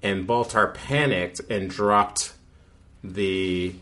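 Deep-voiced man recapping casually. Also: drawn-out words, fairly bright tone. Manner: rambling with fillers and restarts. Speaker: podcast co-host.

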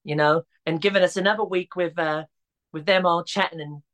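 A woman's voice: fairly low pitch, steady tone, fairly quick, fairly bright tone. Chatty woman full of fillers. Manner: chatty, hesitant, many fillers and restarts. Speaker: podcast guest, drag performer. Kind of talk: casual podcast chat.

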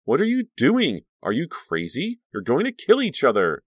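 A man's voice: medium pitch, very animated, normal speed, dry recording, clean studio sound, pitched above the performer's own voice. A man voicing a caring, worried teenage girl in an audiobook, speaking in a raised, anxious register. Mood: alarmed.

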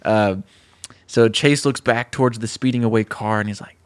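A man's voice: mid-range voice, normal speed. A young man co-hosting a podcast, telling a made-up story with playful quotes and frequent laughter. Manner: animated storyteller, laughing at his own jokes. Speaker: podcast co-host. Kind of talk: casual chat, pitching a story.

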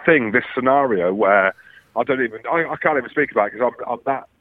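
A man rambling excitedly and swearing freely as a podcast co-host calling in, in casual banter. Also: medium pitch, quick pace, dry recording. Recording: muffled phone line.

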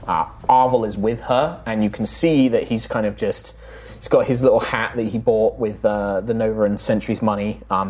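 A man's voice: fairly low pitch, darkish tone. Man narrating as game master. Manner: rambling, full of fillers.

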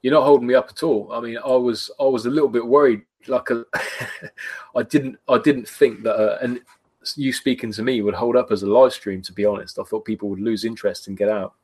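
A man's voice: mid-range voice, steady tone, a little fast, a little mellow. A man, a guest on a live stream, speaking in a modest, easygoing and somewhat hesitant way. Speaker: guest, video creator. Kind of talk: casual chat on a live stream.

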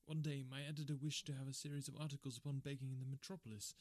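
A man's voice: mid-range voice, flat delivery, very fast, a little mellow, no echo, pitched above the performer's own voice, natural voice. A man doing a desperate, refined prisoner. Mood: earnest. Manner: pleading, anguished.

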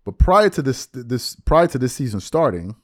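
A man's voice: medium pitch, big pitch swings, normal speed, no room sound, clean studio sound. A man hosting a podcast, talking earnestly in a reflective solo commentary and repeating words as he searches for them. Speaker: podcast host.

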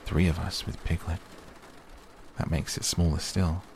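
A man's voice: sits low, flat delivery, measured pace, a little mellow. A man doing boy Christopher Robin, eager. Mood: worried. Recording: faint rain noise behind.

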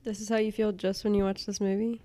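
A woman's voice: medium pitch, flat delivery, quick pace, warm tone. A woman chatting casually on a podcast while watching a movie at home, asking teasing, playful questions. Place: living room at home.

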